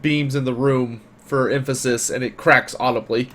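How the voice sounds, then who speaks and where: A man's voice: mid-range voice, normal speed. Man narrating a tabletop game. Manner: relaxed, chatty with fillers. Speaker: game master.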